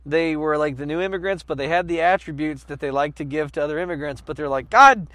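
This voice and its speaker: A man co-hosting a podcast in casual chat, rambling with many fillers and bursting into loud impressions. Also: fairly high pitch, fairly even intonation, fast, no echo. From United States. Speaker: podcast co-host.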